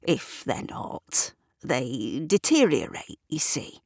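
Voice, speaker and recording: Woman playing a gruff old man, muddled and earnest, slow, lively, dry close sound. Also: a bass voice, dry recording, full character voice.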